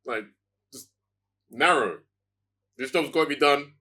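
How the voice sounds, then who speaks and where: A man talks in a casual podcast chat in a bright, forward voice at an ordinary pitch. He sounds keen and fills his sentences with "like". His tone stays easygoing and conversational. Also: measured pace. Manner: enthusiastic, many fillers like "like". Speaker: podcast co-host.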